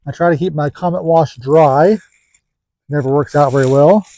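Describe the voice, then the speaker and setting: Casting note: plain-spoken man, slightly high voice, dry close mic, easygoing joking how-to delivery. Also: moderate pace, mellow, no room sound, poor audio. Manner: folksy, joking, rambling. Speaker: classic car seller. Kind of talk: casual how-to vlog.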